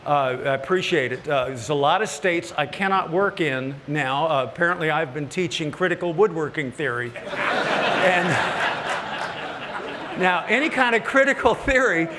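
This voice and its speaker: A man, a woodworking TV host, telling folksy, joking stories to a live audience, his voice climbing high when he gets worked up. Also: animated, moderate pace, crowd noise, background noise. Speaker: woodworking TV host giving a stage talk. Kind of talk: humorous storytelling to a live audience. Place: large hall at a woodworking event. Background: audience laughter.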